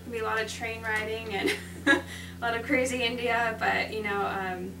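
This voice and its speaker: A woman's voice: on the high side, fairly even intonation, moderate pace, gravelly. A woman guest in a casual interview, earnest and laughing often, with many fillers. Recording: echoey, distant, loud noise.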